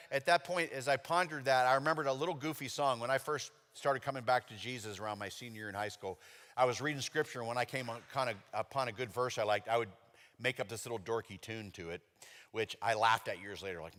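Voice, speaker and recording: Man preaching with bright tone in a reverberant hall. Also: mid-range voice, fairly quick. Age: middle-aged. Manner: conversational storytelling with animated outbursts. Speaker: pastor. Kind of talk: sermon. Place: church sanctuary. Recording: long reverb of a church hall.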